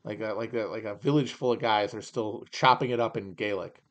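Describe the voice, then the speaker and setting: A man's voice: on the low side, fairly even intonation, brisk. A man hosting a podcast, riffing in a sarcastic, profane, rambling way while he reads aloud and comments. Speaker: podcast host. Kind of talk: casual comedic commentary.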